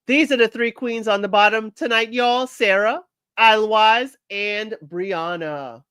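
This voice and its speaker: A chatty woman with a somewhat high voice gives her frank opinions straight to her listeners. The recording is dry and close, with no room sound. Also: measured pace, fairly bright tone, smooth, no room sound. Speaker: podcast host recapping a reality show. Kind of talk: casual recap commentary.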